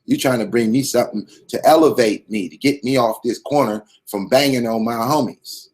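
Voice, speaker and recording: A man's voice: mid-range voice, moderate pace, a little mellow. A man hosting his own channel, giving a blunt, profane, streetwise commentary monologue with a preachy swagger.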